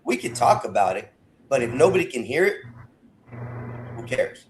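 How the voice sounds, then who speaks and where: A man's voice: medium pitch, very animated, moderate pace, slight background noise, low-quality recording. A man hosting a casual panel debate, talking in an emphatic, earnest way about letting everyone have their say. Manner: emphatic, earnest, says listen.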